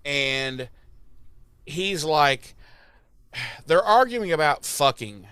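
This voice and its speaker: A man's voice: fairly high pitch, expressive, very slow, a bit bright, smooth, no room sound, clean studio sound. A young adult man co-hosting a podcast, recapping an episode in casual, profane chat and acting out quotes in exaggerated voices. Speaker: podcast co-host.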